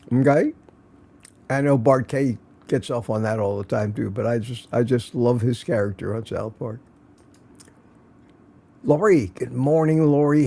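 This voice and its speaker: A man's voice: mid-range voice, dark tone. An older man hosting a casual morning livestream, greeting viewers by name in a chatty, self-mocking way. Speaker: livestream host.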